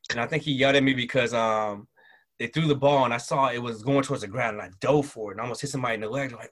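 A man's voice: mid-range voice, very fast. Middle-aged guy rambling thru old stories, lots of ums and restarts, super laid back. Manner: relaxed, rambling, many fillers and restarts. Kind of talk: casual interview storytelling.

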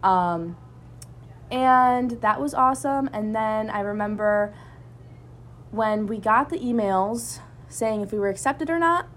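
A young woman, a college student and student club member, telling a story in a casual podcast chat, animated and full of fillers. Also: mid-range voice, slow pace, a little hiss or hum. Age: young adult.

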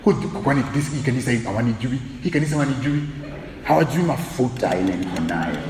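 A sulky, self-important churchgoer grumbles in a low, muttering voice, as a preacher puts him on, dropping far below his usual pitch. The sound carries a long echo from the sanctuary walls. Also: animated, fast, background noise, lightly acted. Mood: indignant. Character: grumpy self-important male churchgoer, offended at being overlooked.

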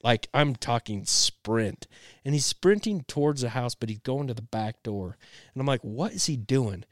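Young man, podcast co-host, casual storytelling, animated, laughing often, dry close sound. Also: mid-range voice, moderate pace, dry recording.

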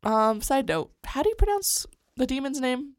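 A woman's voice: sits high, big pitch swings, moderate pace. Wry, playful woman podcast co-host. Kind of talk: casual book discussion chat.

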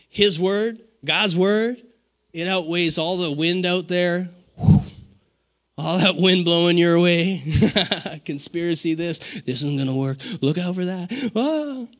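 A man in his forties preaching a sermon, animated, with call-and-response and laughter. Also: high voice. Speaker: pastor.

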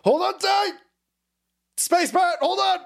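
A man's voice: extremely high pitch, slow, gravelly, pitched above the performer's own voice, full character voice. A man doing a frantic, panicking aide. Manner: frantic, pleading. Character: panicking male political aide.

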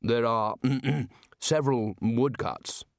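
A man voicing a prim, fussy old male wizard scholar who reads slowly and hesitantly from a book. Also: medium pitch, no room sound, studio quality.

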